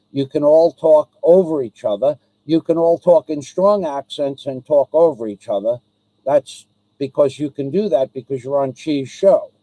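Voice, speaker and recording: Man, live-stream host, aggrieved and repetitive, halting with ums, somewhat high voice, mellow dry sound. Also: dry recording, low-quality recording. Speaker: livestream host. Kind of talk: live-stream address to a viewer.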